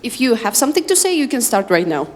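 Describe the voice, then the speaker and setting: A woman's voice: fairly high pitch, fairly quick. Uzbek-born woman teaching in a reverberant room. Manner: lively, animated, addresses class directly. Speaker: English teacher. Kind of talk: classroom instruction and anecdote. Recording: reverberant room, faint background noise.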